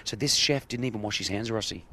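A man's voice: lowish voice, fast, bright, forceful tone, a little hiss or hum. A man hosting a breakfast radio show, telling brash stories and teasing his co-hosts. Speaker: radio host. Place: outdoor broadcast at a museum.

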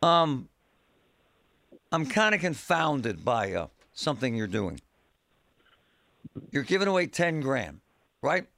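A man's voice: medium pitch, big pitch swings, slow, creaky, pauses often, a bit bright. A man hosting a talk radio show, speaking bluntly in a fed-up, folksy way. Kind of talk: opinionated talk radio monologue. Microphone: studio microphone.

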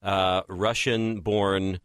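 A man's voice: low-pitched, flat delivery, extremely slow, a bit bright, clean tone, dry recording, studio quality. A man from Texas hosting a casual interview, talking conversationally with many restarts. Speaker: host.

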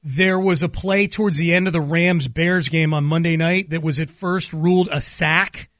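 Bright, high-voiced male radio host. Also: steady tone, no echo, clean studio sound. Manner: upbeat, storytelling, slows for emphasis. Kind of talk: casual sports radio talk. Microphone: studio microphone.

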